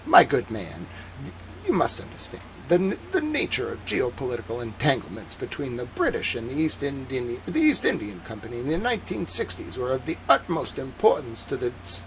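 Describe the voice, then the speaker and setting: A man imitating a condescending, upper-class Dickensian English gentleman who lectures in a highfalutin way. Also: wildly swooping pitch, a little fast, creaky, hardly any pauses, a little hiss or hum, low-quality recording.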